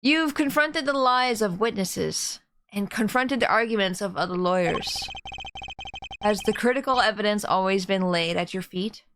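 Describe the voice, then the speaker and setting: A woman's voice: mid-range voice, a bit bright, no echo, close to an everyday voice. A woman reading as a formal male prosecutor. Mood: earnest. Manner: formal, measured reasoning. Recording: game music behind voice.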